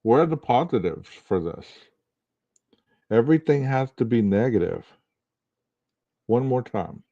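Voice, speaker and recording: A man's voice: mid-range voice, lively intonation, measured pace, creaky, warm tone, no room sound, highs cut off. A man hosting a podcast, arguing a true-crime case in casual talk with a heavy early-morning voice and lots of rhetorical questions. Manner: argumentative, asks rhetorical questions. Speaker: podcast host.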